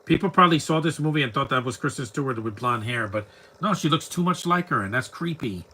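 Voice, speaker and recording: A man's voice: mid-range voice, lively intonation, fast talker, bright, forceful tone, slightly rough, low-quality recording. A man giving live, rambling commentary over a movie, talking back at the screen bluntly and often stumbling over repeated words. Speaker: film commentator.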